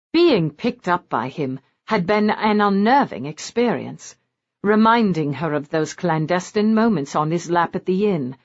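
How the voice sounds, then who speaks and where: A woman narrating a romance audiobook in an expressive, lively reading style. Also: on the low side. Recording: dull lo-fi audiobook recording.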